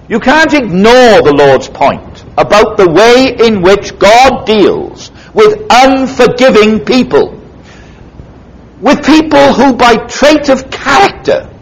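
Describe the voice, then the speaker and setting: A man preaching a sermon, retelling a parable emphatically and dramatically. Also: low-quality recording. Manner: emphatic, dramatic retelling with sweeping pitch swings. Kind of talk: expository sermon.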